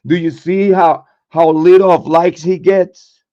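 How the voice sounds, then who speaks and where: A man's voice: on the high side, slow pace, mellow. A man hosting a true crime livestream, ranting in a profane, confrontational way with many repeated words and restarts. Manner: repetitive, stammering restarts. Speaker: true crime channel host. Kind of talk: livestream rant. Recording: dull lo-fi sound.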